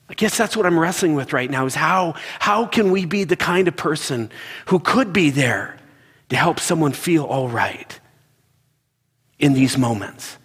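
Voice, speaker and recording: A middle-aged man preaching, telling stories in a halting, earnest way and repeating words as he searches for them. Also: on the high side, fairly bright tone, breathy edge. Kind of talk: sermon storytelling. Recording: long reverb in a large hall.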